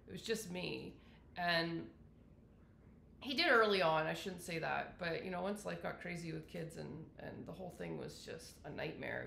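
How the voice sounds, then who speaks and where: A woman's voice: on the low side, vocal fry, fairly bright tone, slight background noise. A woman telling her own illness story in a candid personal monologue, rambling, with many fillers and self-corrections. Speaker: wellness vlogger sharing her illness story. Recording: roomy echo.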